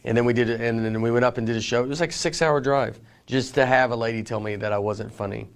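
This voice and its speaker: Deadpan man doing stand-up in a hall. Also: medium pitch, fast talker, vocal fry. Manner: deadpan, rambling storytelling with many fillers. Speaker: stand-up comedian. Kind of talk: stand-up comedy set. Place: large theater stage with a live audience. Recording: reverberant hall with audience noise.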